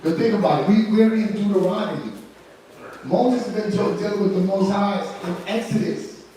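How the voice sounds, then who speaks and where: Male participant, conversational and questioning, higher voice, distant echoey room. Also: normal speed. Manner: animated, conversational, asks questions. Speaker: study group participant. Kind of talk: casual commentary on scripture. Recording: echoey room, far from mic, background noise.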